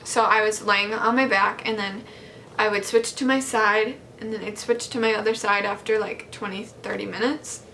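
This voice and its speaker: A woman's voice: medium pitch, steady tone, normal speed, bright, forceful tone, slight background noise. A young woman vlogger telling a personal story in a casual, candid way, with lots of likes and ums.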